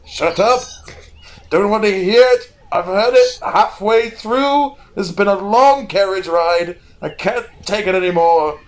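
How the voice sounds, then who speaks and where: A man's voice: medium pitch, measured pace, lightly acted. A man voicing a tall, lanky, short-tempered nobleman who snaps in exasperated bursts. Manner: snappish, exasperated outbursts.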